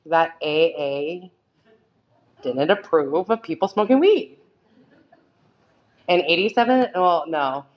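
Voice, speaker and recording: A woman's voice: deep voice, dull audio. A woman sharing her recovery story at a meeting, candid and rambling, full of fillers and restarts. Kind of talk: personal testimony talk.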